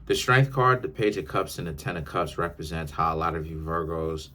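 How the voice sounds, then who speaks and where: A man's voice: deep voice, steady tone, a little fast, pushed and bright, slight background noise. A man giving a tarot reading in an emphatic, lecturing monologue, often repeating his words. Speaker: tarot reader.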